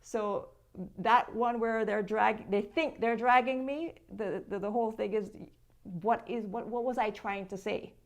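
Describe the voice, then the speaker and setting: A woman's voice: fairly high pitch, steady tone, unhurried. A Jamaican woman from Jamaica, a social media creator, speaking as a guest in a conversational interview and firmly explaining her position.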